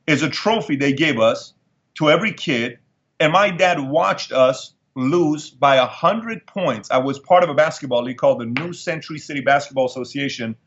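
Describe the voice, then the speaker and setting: A middle-aged man speaks as an interview guest, driving his points home by repeating them and letting feeling into his voice. His pitch sits in an ordinary middle range for a man. The recording sounds a little dull and lo-fi. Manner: emphatic, repeats lines for effect, emotional storyteller. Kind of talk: candid storytelling interview.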